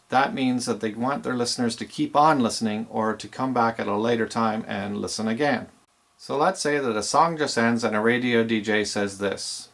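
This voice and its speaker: A man's voice: medium pitch, normal speed, gravelly, a bit bright. A man teaching aspiring DJs in a plain, explanatory way with some fillers. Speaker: DJ instructor. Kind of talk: instructional video talk.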